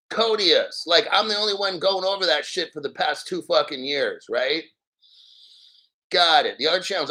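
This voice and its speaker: A man with a bright, forceful voice, pitched a little above most men, hosts his own crypto show. He rants in crude, profane commentary, swings into sarcasm, and mocks his critics. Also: animated, low-quality recording. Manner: reads articles aloud slowly, mocks others in silly voices.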